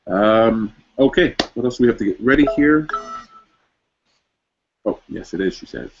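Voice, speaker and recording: A man's voice: fairly low pitch, animated, normal speed, vocal fry, a little hiss or hum. A male host chatting casually and rambling with lots of fillers while setting up a live online show. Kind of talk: casual livestream chat. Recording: dull lo-fi stream audio.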